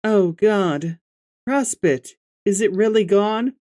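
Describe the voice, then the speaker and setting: A man doing a high-pitched cranky teen girl. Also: takes it slowly, a little mellow. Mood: distraught. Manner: high, strained, exasperated delivery. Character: jittery, irritable teen girl, quick to snap.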